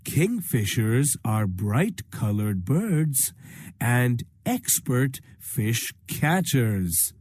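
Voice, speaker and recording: A woman teacher with an Indian English accent narrating a story for young children, slow and explaining. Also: rumbling low, dark tone, slightly rough, no echo, studio quality.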